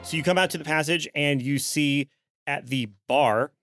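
A man narrating and describing scenes as the game master of a comedy tabletop game, relaxed and playful. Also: fairly high pitch, normal speed, loud music behind the voice.

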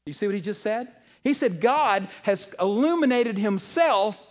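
A man preaching a sermon, asking the audience questions and swinging between loud passages and hushed ones. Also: high voice, lively intonation, moderate pace. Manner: asks the audience rhetorical questions. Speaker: pastor.

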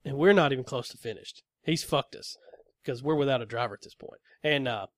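A man's voice: medium pitch, a little fast, no echo. A man telling a workplace story in casual conversation, swearing freely and acting out both sides of the argument.

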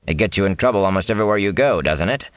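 A man reading aloud, voicing a gruff and blunt older woodsman in a storybook. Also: sits low, expressive, rapid-fire, dry recording.

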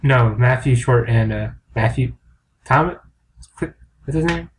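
A man's voice: medium pitch, measured pace. A man co-hosting a comedy podcast in casual chat, rambling, crude and self-mocking. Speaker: podcast co-host.

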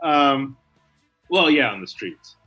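A man co-hosting a casual podcast, excitable, laughing often and tossing in quick asides. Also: medium pitch, faint music behind. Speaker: podcast co-host. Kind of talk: casual podcast chat about wrestling.

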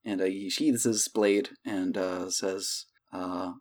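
A man's voice: low voice, fairly even intonation, takes it slowly. Laid-back man running a tabletop game. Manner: loose, filler-heavy narration. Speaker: game master.

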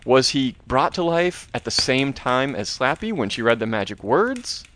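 A man with a mid-range voice co-hosts a casual podcast chat. He retells the story in an animated way and slips into little acted-out quotes along the way. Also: mid-range voice, normal speed. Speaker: podcast co-host.

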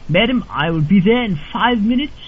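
A man acting a posh, overly polite English gentleman on a prank phone call. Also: sits high, expressive, fairly quick, husky. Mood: politely creepy. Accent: put-on posh English. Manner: overly polite, formal, insistent. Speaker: prank caller. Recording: dull lo-fi recording with faint noise.

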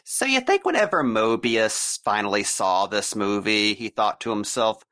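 A man co-hosting a movie commentary podcast, playful and quick with jokes in casual chat. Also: fairly low pitch, sing-song, pushed and bright. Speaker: podcast co-host.

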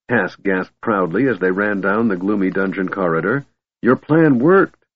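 Low, husky male narrator for fantasy audiobook; tinny, dry sound. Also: dry recording. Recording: tinny narrow-band dry recording.

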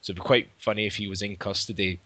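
A man chatting on a podcast in a low, bright, forward voice that keeps trailing off into new thoughts. His laughter breaks in often. The sound is dry and close. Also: steady tone, fast, no room sound. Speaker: podcast co-host. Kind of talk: casual chat.

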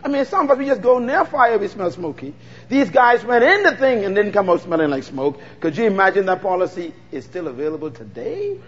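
A man's voice: high-pitched, very animated, brisk, a bit bright, in a large hall, lo-fi sound. A Bahamian man preaching a fervent sermon, calling out to the congregation for responses.

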